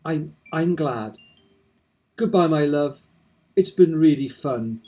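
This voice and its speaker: A man reading aloud as a dying young woman who gently forgives her husband, soft and pleading. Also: fairly high pitch. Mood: tender. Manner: soft, pleading, slowing into hushed lines. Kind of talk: reading game dialogue aloud.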